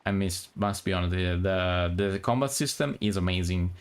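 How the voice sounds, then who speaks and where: Man, low voice, relaxed, hesitant, casual streamer chat. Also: moderate pace, clear, resonant tone. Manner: relaxed, hesitant, many restarts. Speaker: streamer reading a visual novel aloud. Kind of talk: casual chat and reading aloud.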